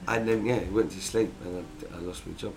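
A man's voice: sits low, steady tone, fairly quick, creaky, a little mellow, slight background noise. A man co-hosting a podcast, telling rambling, chaotic stories in casual chat. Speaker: podcast co-host.

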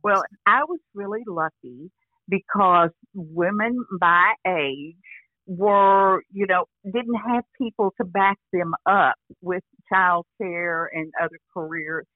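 An older actress chatting casually as an interview guest over a phone line, rambling with restarts and frequent "you know". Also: female voice, lowish voice, takes it slowly, no room sound. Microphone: phone call.

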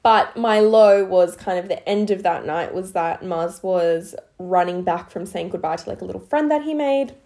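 A woman's voice: fairly low pitch, moderate pace, few pauses, dark tone. A young woman, co-hosting a casual chat and telling stories in a rambling way, full of "like"s and giggles. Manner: rambling storyteller, many "like"s, frequent giggles. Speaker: podcast co-host.

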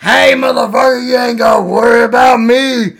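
A gravelly shouting wrestler, high and slow. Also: male voice, fairly even intonation, full character voice. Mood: bellowing. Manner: bellowing, growled catchphrases. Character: loud dim-witted male wrestler guest, boastful.

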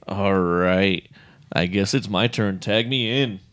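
A man co-hosting a podcast in casual chat, relaxed, laughing often and restarting his sentences. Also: sits low, takes it slowly, noisy background. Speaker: podcast co-host.

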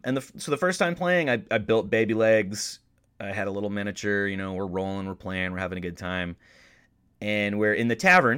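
Young American man, low voice, profane comic podcast host, big swings between excited and mumbled. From United States. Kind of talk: casual comedic monologue.

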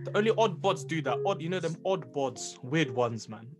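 A man's voice: a little high, lively intonation, moderate pace, music in the background. A young man with a British accent, teasing and joking in slangy casual podcast chat. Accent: British English. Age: young adult. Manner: teasing, slangy, laughs a lot. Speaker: podcast co-host.

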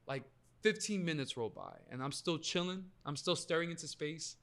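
Profane animated storytelling man. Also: fairly high pitch, moderate pace. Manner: animated, profane, acts out voices in anecdotes. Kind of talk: casual podcast storytelling.

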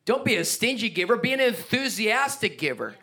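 A pastor delivering a sermon with emphatic, energetic preaching. His voice sits fairly high for a man, and he drops into playful asides with a chuckle. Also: brisk.

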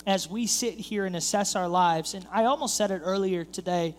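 A man with a high voice preaches a sermon, telling a story and playing out the people in it as his energy builds. The sound carries a long reverb from a large church hall. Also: normal speed, a little hiss or hum. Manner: storytelling, acts out quoted voices, builds in intensity. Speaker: pastor. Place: church sanctuary.

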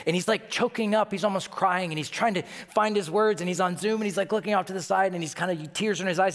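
A man preaching a sermon as pastor, animated, swinging between loud emphatic bursts and hushed low asides. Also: a little fast, hardly any pauses. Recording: long reverb of a large hall.

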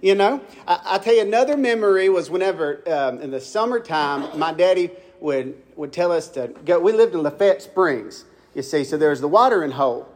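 Folksy Southern preacher, high voice. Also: male voice, lively intonation, normal speed, hardly any pauses. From Mississippi. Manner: folksy, asks the congregation questions. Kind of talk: folksy storytelling sermon.

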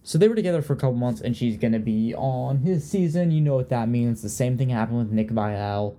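A young Richmond, Virginia podcast host speaks a little fast in a dark, mid-range voice. His casual chat is chatty and full of gossip, and he often trails off before restarting.

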